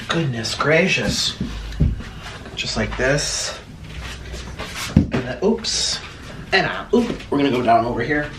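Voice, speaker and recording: Male mukbang host, chatty and rambling, lively pitch, echoey room tone. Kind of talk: casual chat while eating. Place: room at home. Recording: echoey room with faint background noise.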